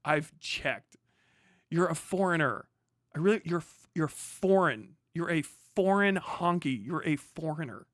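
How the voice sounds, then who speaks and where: A man's voice: on the high side, animated, a little slow, a bit bright, no room sound, studio quality. An American man streaming a profane, sarcastic rant as he reacts to a clip, laughing often as he mocks. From United States.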